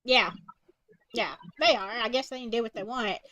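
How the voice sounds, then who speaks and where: A woman's voice: on the high side, normal speed, highs cut off, a crowd in the background. A woman hosting a live stream in a casual chat, reading out a report and viewer comments. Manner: animated, reads from a report and from chat.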